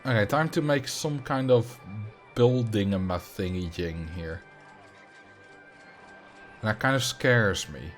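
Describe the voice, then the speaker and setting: A man's voice: lowish voice, takes it slowly, pauses often, faint music behind. A man, streaming a building game, chatting casually, reading chat and thinking aloud with self-mocking humor. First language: Dutch.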